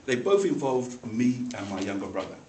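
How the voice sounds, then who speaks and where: A man telling a funny personal story to a club audience, animated and now and then acting out the voices of the people in it. He sounds a little far from the microphone in an echoey room, with a faint noise behind him. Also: medium pitch, moderate pace. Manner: animated, acts out voices in the story, laughs along. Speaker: speaker at a speaking club. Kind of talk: humorous personal storytelling speech. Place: meeting room.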